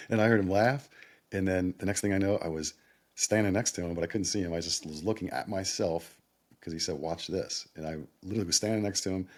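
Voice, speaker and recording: Middle-aged man, low husky voice, rapid rambling vlog storytelling that keeps breaking into laughter. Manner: rambling, excitable, laughs between phrases. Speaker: vlogger. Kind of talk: personal storytelling monologue.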